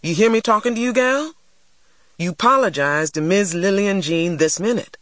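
A man's voice: high-pitched, normal speed, fairly bright tone, no room sound, studio quality, voice pushed up. A man reading an audiobook, voicing a bearded, angry, bullying man who speaks in a harsh, commanding drawl.

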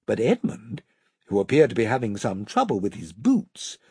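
An audiobook narrator reading a children's fantasy story aloud, expressive and shifting pitch for each character. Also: normal speed, breathy edge, dry recording, clean studio sound.

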